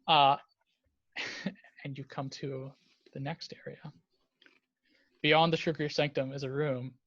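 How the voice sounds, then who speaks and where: A man's voice: medium pitch, level tone, takes it slowly, fairly bright tone, dry recording. A man running a tabletop game as dungeon master, narrating loosely with many fillers. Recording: dull lo-fi dry sound.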